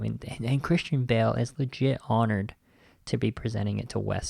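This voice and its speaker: Enthusiastic male podcast host, low and gravelly, fillers galore, dry close sound. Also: a little mellow, no room sound. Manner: enthusiastic, heavy use of "like" and "you know". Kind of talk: casual podcast commentary.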